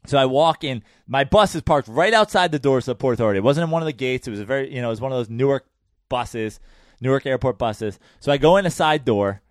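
A man's voice: mid-range voice, lively intonation, quick pace, no room sound, clean studio sound. Laid-back profane man chatting. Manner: laid-back, profane, short agreeing replies. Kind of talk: casual chat.

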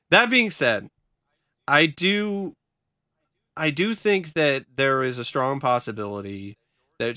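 A man's voice: lowish voice, pushed and bright, smooth, no echo, studio quality. A man co-hosting a casual podcast, candid and profane, with frequent restarts. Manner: candid, swearing, many restarts. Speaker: podcast co-host.

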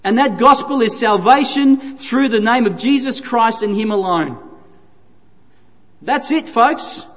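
A man's voice: very high-pitched, unhurried, fairly bright tone. A man preaching a sermon, earnest and emphatic, repeating phrases for stress. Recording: reverberant hall.

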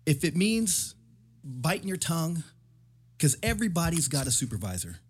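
A man's voice: on the high side, big pitch swings, normal speed, slight background noise. A middle-aged man in casual talk, earnestly repeating advice to get home safely. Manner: earnest, repetitive, advising.

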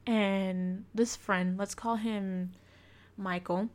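A woman's voice: medium pitch, fairly even intonation, extremely slow. A young woman hosting a podcast, telling a personal story in a frank, confessional way and swearing freely. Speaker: podcast host.

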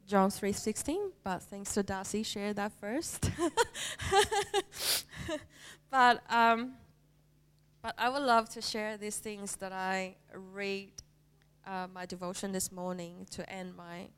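Slow, halting woman sharing a testimony. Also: mid-range voice, clear, resonant tone. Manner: halting, heartfelt, with many pauses and fillers. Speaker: church member sharing a testimony. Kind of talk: personal faith testimony.

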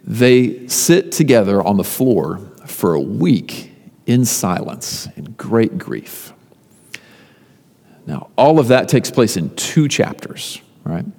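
A man preaching a sermon, retelling a story conversationally with emphatic lists and pauses. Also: on the low side, big pitch swings, gravelly, a little mellow. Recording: long reverb of a large hall.

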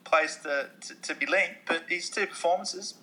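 A man's voice: on the high side, moderate pace, pushed and bright, low-quality recording. A man co-hosting a podcast, talking casually and searching for words. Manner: chatty, hesitant, lots of restarts. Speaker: podcast co-host. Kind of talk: casual chat.

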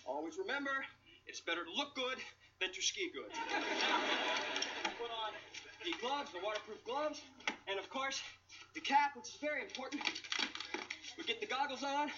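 Boastful joking young guy, very high voice, muffled TV clip sound, loud noise behind. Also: normal speed, long pauses. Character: cocky young man, show-off on a ski trip. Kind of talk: sitcom acting.

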